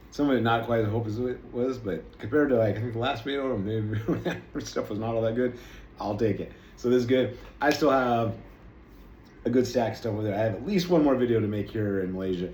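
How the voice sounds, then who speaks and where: Casual male vlogger, lowish voice, rambling self-mocking food talk. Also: a little mellow. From United States. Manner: rambling, chatty, self-deprecating. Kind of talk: casual food-tasting chat. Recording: echoey room with faint noise.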